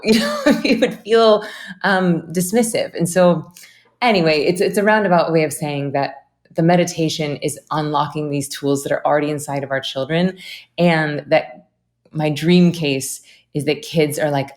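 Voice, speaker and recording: A low-pitched woman speaks as a guest in a relaxed interview. She talks earnestly about parenting and slips into quick acted-out voices when she quotes people. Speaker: guest, meditation teacher. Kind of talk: casual interview conversation.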